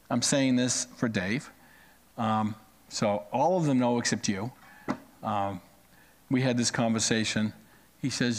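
A man preaching a sermon, telling stories to his congregation with lively swings of voice. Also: mid-range voice, big-room sound. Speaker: pastor.

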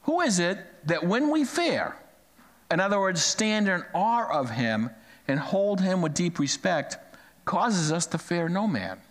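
A man preaching a sermon with a fairly high, animated voice that rises and falls as he tells stories. His words ring out with a long reverb through a church hall. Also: a little slow. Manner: storytelling preacher, lively pitch swings. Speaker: pastor.

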